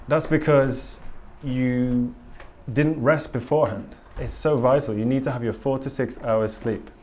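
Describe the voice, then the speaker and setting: A man's voice: mid-range voice, steady tone, measured pace, hardly any pauses, a little mellow. Enthusiastic man giving a talk. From England. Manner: candid, enthusiastic, rambling with many ums. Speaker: conference speaker. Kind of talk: live conference talk and Q&A. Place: conference hall.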